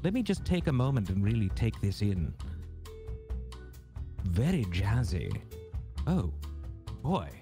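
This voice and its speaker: A man's voice: on the low side, wildly swooping pitch, slow, long pauses. A man playfully hosting a live intermission, reading viewer messages in a mock-grand, theatrical, teasing manner. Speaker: intermission host reading chat. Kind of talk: playful live-stream chat banter. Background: jazzy background music.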